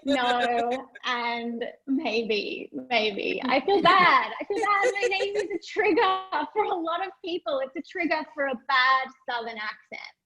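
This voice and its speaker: A woman's voice: high voice, a little slow, few pauses, sharp tone. An Australian woman doing a stand-up set, self-mocking and playful, laughing between her jokes. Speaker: stand-up comedian. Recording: dull lo-fi stage recording.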